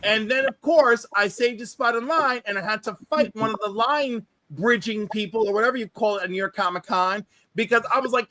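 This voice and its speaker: A man with a very high, bright, sharp voice hosts a loose pop-culture panel over a video call. He tells his stories with animated, gushing energy. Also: normal speed, dry recording. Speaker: host. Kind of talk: casual panel chat.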